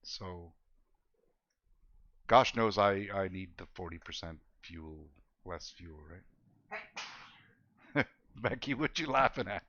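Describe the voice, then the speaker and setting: A man with a low, gravelly voice and a bright edge chats easily while streaming a game. He is laid-back and jokey, laughing often and thanking viewers as he goes. The audio is dull and lo-fi. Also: lively intonation, takes it slowly, long pauses. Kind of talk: casual gameplay chat with viewers.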